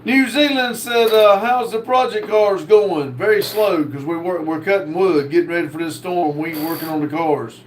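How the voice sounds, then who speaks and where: A man hosting a casual livestream, reading viewer comments aloud in a slow drawl. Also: high voice, a little hiss or hum. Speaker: livestream host reading chat.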